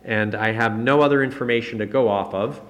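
A man giving a conversational sermon in a medium-pitched voice. He talks in a relaxed, chatty way with small self-corrections, then lifts his voice higher and louder to drive a point home. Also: fairly quick, slight background noise. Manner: rises in pitch and volume to stress key points. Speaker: pastor.

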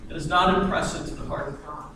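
A man preaching a sermon in an animated way, acting out the voices of the people in his stories, with an easy chuckle. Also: a little high, quick pace, noisy background. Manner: animated, acts out quoted voices, chuckles often. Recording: echoey room heard from a distance.

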